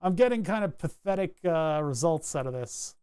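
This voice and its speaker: A man with a slightly higher-than-average voice talks loosely to his live-stream viewers while he works at a home workbench. His tone is relaxed and self-deprecating, and he chuckles often. He speaks into a wired desk microphone. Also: moderate pace, clear, resonant tone. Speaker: streamer building electronics projects live. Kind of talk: casual live-stream chat while tinkering.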